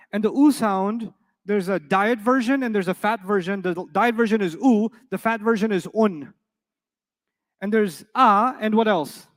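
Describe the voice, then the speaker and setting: A man's voice: high-pitched, in a large hall. A middle-aged man teaching Arabic to a live class, playful, quizzing his students and answering his own questions.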